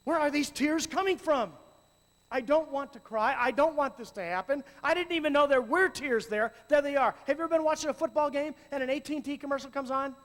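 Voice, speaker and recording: A middle-aged man giving a talk on youth ministry, swinging from hushed, slow passages to loud, animated storytelling. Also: very high-pitched. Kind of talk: conference talk. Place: large hall with audience. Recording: long hall reverb.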